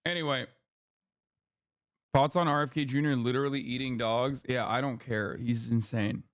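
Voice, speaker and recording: A man giving casual political commentary as a streamer, animated and profane, often tagging his points with "okay?". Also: medium pitch, moderate pace, dry recording, studio quality. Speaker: streamer reacting to news.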